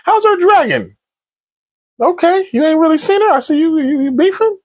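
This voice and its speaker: A man's voice: animated, normal speed. A man voicing an eager, chummy young male lord who talks in slang and stammers. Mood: teasing. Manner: slangy, stammering, high-pitched teasing.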